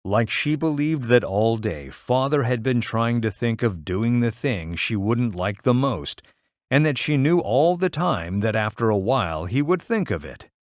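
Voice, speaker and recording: A man reading a short story aloud in measured, even storytelling. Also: mid-range voice, dry recording, studio quality. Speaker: story reader.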